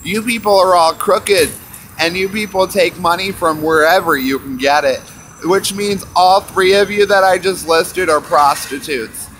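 High-voiced man ranting profanely outdoors. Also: a little slow, a bit bright, a little hiss or hum. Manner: angry, profane, repetitive taunting. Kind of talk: profane street rant to camera. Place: outdoors on a busy city street.

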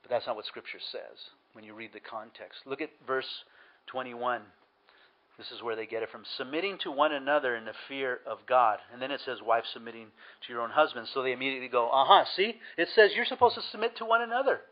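A man's voice: medium pitch, fairly even intonation, a little fast, dull audio. A man preaching a sermon as pastor, earnest and emphatic, repeating key words for stress.

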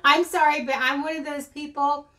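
Speaking high with little pitch movement, a middle-aged woman runs through a craft haul at a moderate pace, her tone sharp. As the channel's host, she rambles casually and keeps giggling at herself in a self-deprecating manner.

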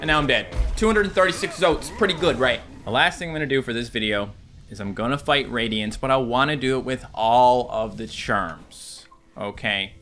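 A man in his thirties giving excitable, jokey let's-play commentary, talking to enemies and viewers. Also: mid-range voice, normal speed, soft background music. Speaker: gaming YouTuber.

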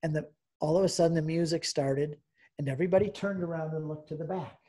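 A man's voice: on the high side, fairly even intonation, fast, warm tone. A man in his sixties giving an emotional personal testimony as a guest speaker, telling his story and acting out the dialogue.

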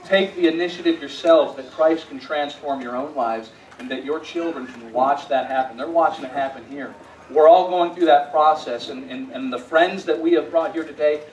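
In a church sanctuary, a pastor with a fairly high voice delivers a sermon that shifts between quiet storytelling and rising, emphatic appeals. He frequently repeats words when restarting phrases, and the recording sounds echoey and slightly distant, with faint hiss behind.

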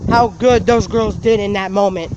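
A man casually telling a story for his vlog outdoors, animated and laughing, swearing now and then. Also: high-pitched, normal speed, lo-fi sound. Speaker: vlogger. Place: outdoors, walking in the open. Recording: outdoor noise from traffic.

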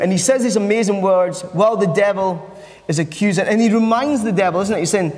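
A man's voice: high-pitched, a little fast, darkish tone. A man preaching a sermon as pastor, earnest and repeating phrases for emphasis. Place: church. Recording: long church reverb.

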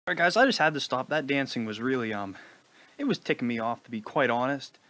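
A man giving mocking, deadpan sarcastic commentary over a video. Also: mid-range voice, quick pace, over loud music. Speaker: video reactor.

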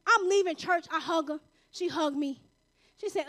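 A woman giving a fervent sermon testimony in a church, emphatic and exhorting, breaking into shouts of praise. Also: high-pitched, lively intonation, normal speed. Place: church sanctuary.

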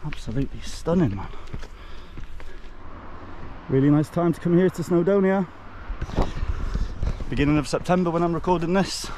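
A man's voice: fairly high pitch, moderate pace, long pauses, mellow. A Welsh man vlogging a mountain hike outdoors, chatty and out of breath, talking to viewers as folks. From Wales. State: out of breath from climbing. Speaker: hiking vlogger. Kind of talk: casual outdoor vlog narration. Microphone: camera mic while hiking. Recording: wind noise from outdoor camera mic.

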